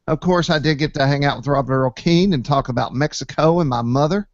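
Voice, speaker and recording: A man hosting a casual online hangout, telling stories with lively jumps in pitch when he quotes people. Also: fairly quick, no room sound, highs cut off. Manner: animated storyteller, jumps to high pitch when quoting people. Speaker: host, site admin. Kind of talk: casual chat, storytelling.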